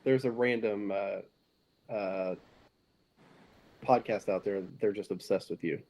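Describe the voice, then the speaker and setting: A man co-hosting a podcast who talks casually and haltingly about a film, with many fillers. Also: lowish voice, fairly even intonation, warm tone. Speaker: podcast co-host.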